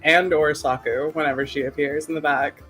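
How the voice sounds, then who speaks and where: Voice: medium pitch, fairly even intonation, normal speed, fairly bright tone, soft background music. A co-host on a stream, dropping dry teasing quips in casual chat.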